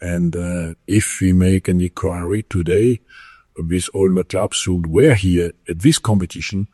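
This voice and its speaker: Very deep, husky man giving a statement. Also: a little slow, warm tone, no room sound, studio quality. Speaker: football official.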